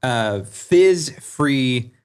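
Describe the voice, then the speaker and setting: A man hosting a podcast, chatting casually and doing a sponsor read full of fillers and pauses. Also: mid-range voice, lively intonation, smooth. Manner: halting, filler-heavy ad read. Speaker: podcast host.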